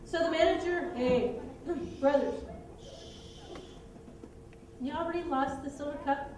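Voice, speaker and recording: A woman teaching children, narrating a Bible story and directing kids through a skit in a lively, brisk way. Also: sits high, background noise. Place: church room with children. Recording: echoey room, distant mic.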